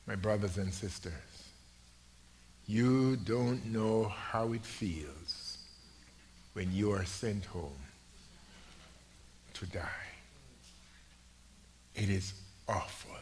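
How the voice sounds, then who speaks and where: An older man preaching a sermon in a church, telling his story with slow, dramatic delivery that swings from hushed to loud. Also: lowish voice, slight background noise. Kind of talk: sermon testimony. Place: church sanctuary.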